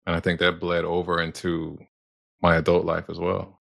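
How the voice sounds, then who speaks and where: A very low, gravelly male voice speaks in a flat, even tone. He talks in a measured, gentle way while reflecting on his own experience. The sound is dry and close. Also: no room sound. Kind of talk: empathetic conversation.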